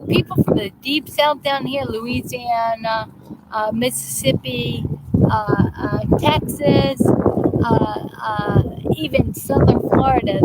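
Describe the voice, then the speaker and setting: A woman hosting a live chat show, rambling casually with halting restarts and fillers while greeting viewers outdoors. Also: on the high side. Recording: loud background noise, vehicles passing.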